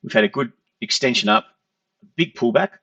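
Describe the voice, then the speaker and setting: A male trading educator, medium-pitched with lively intonation, explains charts at a moderate pace in a conversational lesson, frequently saying "okay." His tone is bright and forceful with vocal fry. The recording lacks room sound but is dull, lo-fi, and distant from the mic.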